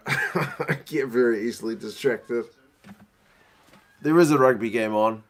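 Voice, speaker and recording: A man's voice: mid-range voice, a little slow. A man hosting a casual live watch-along from his living room, chatting and answering viewers' questions. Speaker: livestream host.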